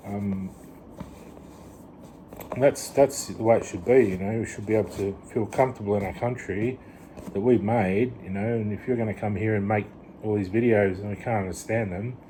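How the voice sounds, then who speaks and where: This low, mellow-voiced Australian man talks through a loose vlog monologue, often starting sentences over and tossing in "you know." Faint noise hums in the background.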